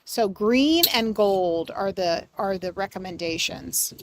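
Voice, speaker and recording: A woman giving a live mediumship reading on a livestream, speaking gently and affectionately, sometimes dropping soft and sometimes breaking into excited bursts. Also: mid-range voice, unhurried, few pauses, no echo. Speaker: psychic medium.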